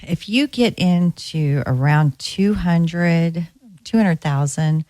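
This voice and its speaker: A woman's voice: on the low side, slow pace, warm tone, no echo. A woman co-hosting a radio show about real estate, chatting casually with many fillers and restarts. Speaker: co-host, real estate broker.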